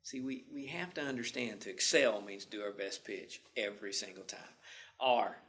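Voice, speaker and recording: A man's voice: fairly low pitch, normal speed, fairly bright tone. A male instructor telling a story in a folksy, homespun way during a lecture.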